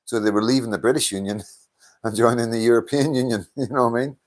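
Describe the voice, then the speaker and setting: A man's voice: mid-range voice, quick pace. A Northern Irish man hosting a casual live stream, blunt and sweary, laughing often as he chats to viewers. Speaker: livestream host reading chat.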